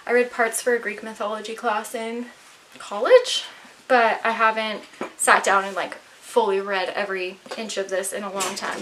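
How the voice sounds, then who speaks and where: A woman's voice: on the high side, fairly bright tone. A young woman chatting casually about her new books and gifts, enthusiastic and full of fillers, a little out of breath, at home. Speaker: vlogger. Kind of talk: casual book haul chat. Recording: slightly distant mic, faint noise.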